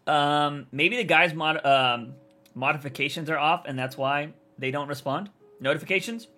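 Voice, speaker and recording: A young man streaming live and chatting with viewers, rambling and swearing freely, his voice a bit raspy. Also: on the high side, moderate pace, pushed and bright. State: voice feels raspy. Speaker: content creator streamer. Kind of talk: casual livestream chat answering viewers.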